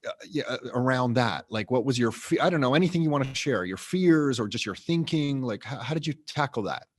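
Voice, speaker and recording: A man's voice: mid-range voice, lively intonation, brisk. A man hosting a podcast interview, chatty and relatable, with many restarts as he shares his own experience. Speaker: podcast host. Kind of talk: casual interview talk.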